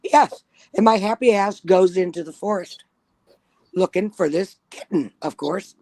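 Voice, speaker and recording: A woman's voice: mid-range voice, measured pace, dark tone, dry recording. A woman telling a spooky personal story in casual chat, blunt and profane. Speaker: guest storyteller.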